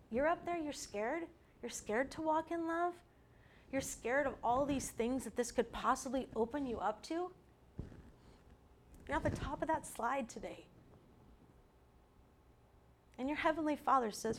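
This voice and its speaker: A woman preaching a sermon to a women's group, earnest and dropping to a soft hush for emphasis. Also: sits high, moderate pace, slight background noise. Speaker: women's ministry speaker.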